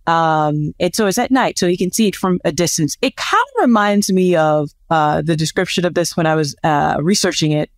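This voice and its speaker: A woman co-hosting a podcast, telling a story in a casual, animated chat with laughter and self-deprecating asides. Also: low-pitched, normal speed, few pauses, no room sound. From United States. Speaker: podcast co-host.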